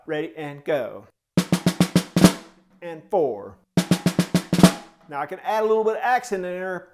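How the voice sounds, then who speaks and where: Man, drum teacher, slightly higher voice, sings rhythms in syllables, counts off, encouraging tutorial. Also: lively intonation, takes it slowly, long pauses, loud music behind the voice. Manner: coaching and encouraging. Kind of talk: step-by-step music tutorial.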